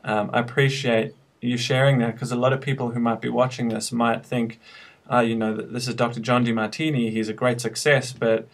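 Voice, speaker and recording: A male interviewer speaks in a flat, even tone with a gravelly edge. He sounds appreciative but hesitant and often restarts his phrases. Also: mid-range voice, a little fast. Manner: appreciative, hesitant with repeated starts.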